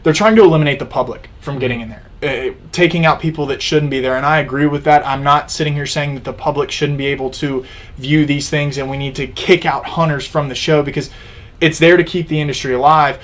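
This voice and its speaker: A man's voice: on the high side, fairly even intonation, fast. A man with a slightly raised voice talks through his opinions in a casual sit-down chat. He explains at length, often restarting sentences mid-thought, and speaks as the show's co-host. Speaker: co-host of an outdoors channel.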